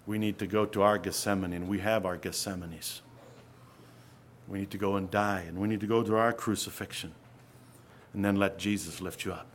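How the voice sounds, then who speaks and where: A man preaching an earnest sermon, often dropping to a hush and then rising to loud emphasis. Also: sits low, steady tone, moderate pace, a little hiss or hum.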